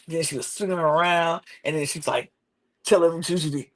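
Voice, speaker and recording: A woman's voice: sits low, a little fast. A woman co-hosting a podcast in casual recap chat, animatedly acting out quotes from the show. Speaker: podcast co-host.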